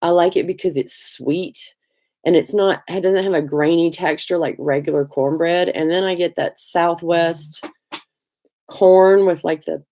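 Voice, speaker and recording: A woman's voice: lowish voice, fairly even intonation, measured pace, warm tone. Chatty Southern woman on a livestream. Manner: chatty, laughs often, greets viewers by name. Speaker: livestream host. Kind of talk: casual live chat.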